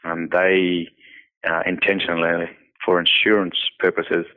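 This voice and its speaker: A man's voice: sits low, flat delivery, measured pace, pushed and bright. A man, founder of a nonprofit, earnestly telling a personal story in an interview, often repeating himself and saying "you know". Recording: tinny phone-line audio.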